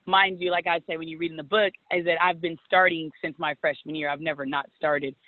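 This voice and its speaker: Brief: thirties woman from California, lively storyteller, sound like a thin phone call, close and dry. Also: low-pitched, a little fast, dry recording. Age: 30s. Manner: animated, acts out past conversations. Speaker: guest, former softball player. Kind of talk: storytelling interview.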